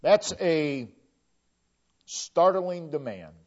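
High-voiced man preaching slowly. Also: expressive, dull audio. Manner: slow, deliberate emphasis, voice sinking to a hush at phrase ends. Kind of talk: sermon.

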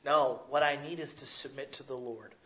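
A man preaching a sermon as pastor, loud and conversational, often checking in with the congregation. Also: medium pitch, steady tone, normal speed, muffled recording. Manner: loud, conversational preaching with frequent "right?" asides.

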